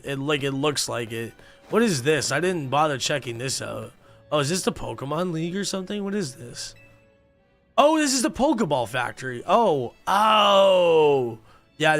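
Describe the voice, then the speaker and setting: A man's voice: on the high side, a bit bright. A young man livestreaming a game, chatting casually and reading game text aloud with offhand reactions, sleepy and yawning. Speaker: gaming streamer.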